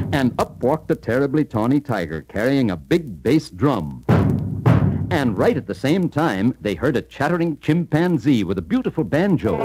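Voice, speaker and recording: A man reads a children's story for a storybook record, his voice rising and falling with plenty of life. He speaks at a middling pitch and leans into the tale. Music plays steadily behind him. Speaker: narrator.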